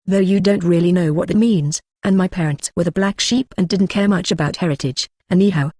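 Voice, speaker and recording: An audiobook narrator reading the lines of a wry, self-deprecating young man in the same even narrating voice. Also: mid-range voice, a little fast, dry recording, clean studio sound, close to an everyday voice.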